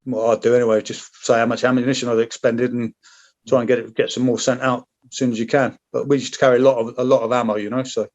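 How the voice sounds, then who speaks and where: A British man in a podcast interview, recalling combat in a loose, rambling way, full of swearing, restarts and asides. His voice sits at an ordinary middle pitch. The recording is slightly dull and lo-fi. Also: level tone, fast, a little mellow. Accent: British English. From Britain. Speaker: podcast guest, former paratrooper. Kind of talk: casual storytelling.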